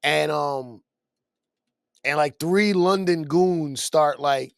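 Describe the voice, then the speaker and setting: A man tells a story on a podcast and acts out the lines of the people in it. His voice sits a little high, and he laughs as he goes. The studio mic is close and dry. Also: slow, vocal fry, no room sound. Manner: animated storyteller who acts out quotes, laughs often. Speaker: podcast co-host. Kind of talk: casual storytelling chat.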